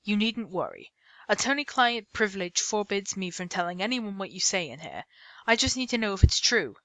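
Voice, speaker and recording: A man's voice: sits high, big pitch swings, normal speed, sharp tone, no echo, heavily acted. A woman reading aloud and voicing a polite, confident, well-dressed male attorney.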